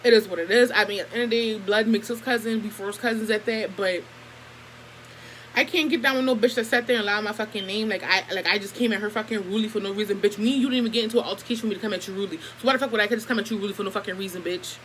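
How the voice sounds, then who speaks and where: A woman's voice: mid-range voice, very fast, slight background noise, rough recording. A young woman telling a family story to her camera in a casual, profane and heated way. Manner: profane, animated, heated retelling. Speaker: vlogger.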